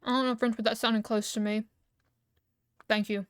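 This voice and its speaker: A woman's voice: on the high side, normal speed, clean tone, no echo, studio quality. A young woman streamer chatting casually and loosely, humming and giggling between thoughts while she eats. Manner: relaxed, rambling, hums and giggles often. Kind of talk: casual livestream chat.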